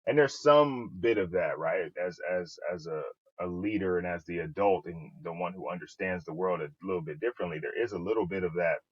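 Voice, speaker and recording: A low, husky male voice belongs to a podcast host who muses aloud in casual conversation, often tagging his points with "right?". The sound is dry and a little dull, like slightly lo-fi audio. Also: fairly quick, no room sound. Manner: reflective, thinking aloud with frequent "right?". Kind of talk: casual interview chat.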